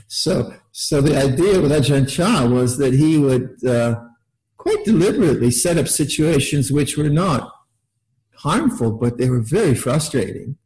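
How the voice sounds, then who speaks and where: A man's voice: medium pitch, lively intonation, a little slow, mellow, low-quality recording. An older man giving a casual meditation talk, laughing often, repeating words and acting out little quotes in a raised voice. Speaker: meditation teacher. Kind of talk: dharma talk.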